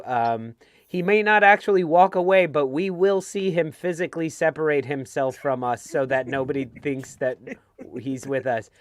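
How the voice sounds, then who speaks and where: A man's voice: on the high side, smooth, dry recording, clean studio sound. A middle-aged American man co-hosting a football fan show, chatting casually and laughing often over a video call. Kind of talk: casual chat.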